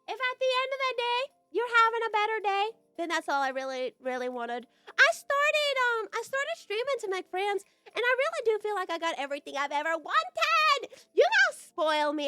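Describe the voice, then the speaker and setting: High, childlike young American woman streamer. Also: sharp tone, dry recording. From United States. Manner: bubbly and giggly, playful teasing. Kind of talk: casual live-stream chat with viewers.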